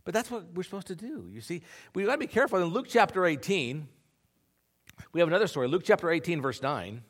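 Earnest male preacher, lively pitch. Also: fast. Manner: earnest conversational preaching, checks in with "okay?". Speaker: pastor. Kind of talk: sermon.

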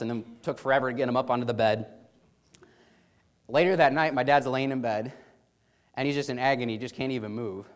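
A man casually telling an amused personal anecdote with many restarts. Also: fairly high pitch. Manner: chatty, amused, frequent restarts. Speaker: storyteller.

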